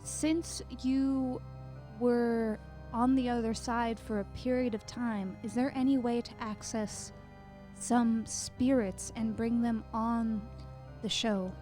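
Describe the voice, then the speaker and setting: A woman hosting a comedy radio show, asking soft, hesitant questions. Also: on the high side, fairly even intonation, takes it slowly. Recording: music playing behind.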